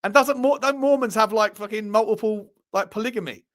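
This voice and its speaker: A man's voice: sits high, fairly quick, fairly bright tone. A man with an English accent hosts a live show, chatting casually with viewers and reacting to their messages. He swears freely and laughs at himself as he tells stories. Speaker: host of a live fan show.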